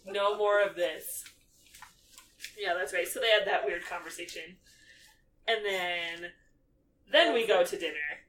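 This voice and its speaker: A woman co-hosting a podcast, casually recapping a movie and acting out the characters' lines in lively voices. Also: fairly low pitch, normal speed, long pauses, distant mic, poor audio. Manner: animated, acts out quotes in character voices. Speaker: podcast co-host.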